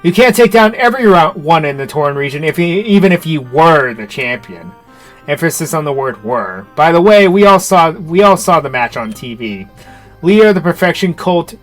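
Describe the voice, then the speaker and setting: Man doing loud jeering game protesters. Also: a little high. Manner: jeering, chanting. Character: rowdy shouting crowd of protesters. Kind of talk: reading game dialogue aloud.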